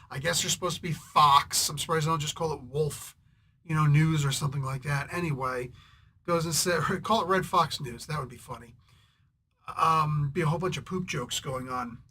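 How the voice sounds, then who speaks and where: A man hosting a comic book review, rambling in a casual, irritated way with sarcastic asides and frequent throat clearing. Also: a little high, normal speed, pushed and bright, slight background noise.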